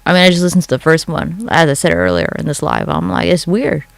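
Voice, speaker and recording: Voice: mid-range voice, very animated, fast, gravelly, dry recording. A livestreamer chatting casually late at night from home into a phone, rambling, swearing freely and answering comments from chat.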